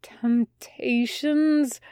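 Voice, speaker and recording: A woman voicing a tired, hungover male demon who slurs and speaks slowly in confusion. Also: sits high, fairly even intonation, dark tone, clear, resonant tone, no room sound, clean studio sound. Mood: confused. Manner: slurred, weary, slow.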